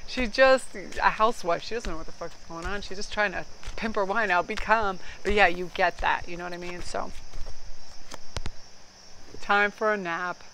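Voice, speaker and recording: A woman's voice: mid-range voice, normal speed, pushed and bright, slight background noise, poor audio. A woman card reader talking casually to her viewers, chatty and rambling, gushing and swearing now and then. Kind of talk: casual vlog chat.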